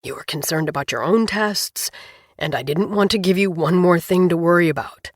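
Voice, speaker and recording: A woman voicing a tender, worried adult husband who speaks low, soft and hesitant in an audiobook. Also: normal speed, lightly acted.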